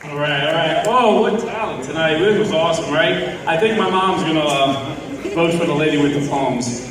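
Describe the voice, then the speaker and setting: A man's voice: a little high, moderate pace, crowd noise. A man from New Jersey doing a stand-up comedy set, telling stories with lots of fillers. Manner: storytelling with many fillers, acts out voices. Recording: echoey hall, distant mic.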